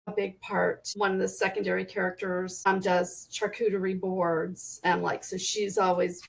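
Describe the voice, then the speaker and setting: Chatty woman with a vocal fry. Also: on the low side, poor audio. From Texas. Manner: chatty and animated, quick restarts. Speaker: guest author. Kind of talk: casual podcast interview chat.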